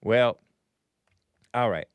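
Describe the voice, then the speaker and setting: A man's voice: medium pitch, very slow, clean tone, no echo. A man hosting a call-in show in casual live-stream chat, musing aloud and stumbling over hard names.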